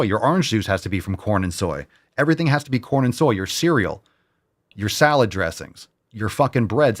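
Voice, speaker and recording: A man hosting a solo commentary show, ranting in a heated, sarcastic, profane way and repeating phrases for emphasis. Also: medium pitch. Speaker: podcast host.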